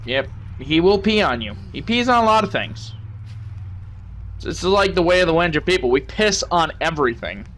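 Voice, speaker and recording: A man's voice: fairly high pitch, big pitch swings, moderate pace, fairly bright tone. A young man playing a game and commenting with crude, joking banter, talking to the characters on screen. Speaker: gaming channel host.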